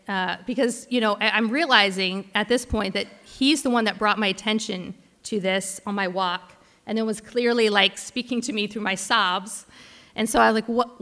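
A woman's voice: mid-range voice, fairly bright tone, in a large hall. A woman pastor giving a heartfelt sermon, telling a personal story with frequent restarts. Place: large church hall.

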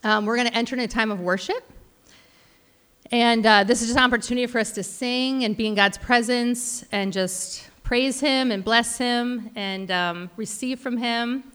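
A woman's voice: a little high, moderate pace, fairly bright tone, smooth, in a large hall. A woman pastor giving a heartfelt sermon, telling a personal story with frequent restarts. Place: large church hall.

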